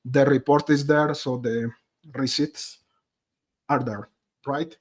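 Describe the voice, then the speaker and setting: A chatty true crime streamer offers live-stream commentary, speaking directly to his viewers as "guys." His voice is mid-range and steady in tone, and he speaks slowly.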